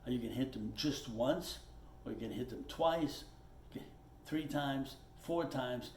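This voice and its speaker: A drum teacher sits at his kit in a room with roomy echo and faint noise, explaining step by step in a mid-range, slightly mellow voice at a moderate pace. Plainspoken and patient, he repeats his points and checks in with "okay."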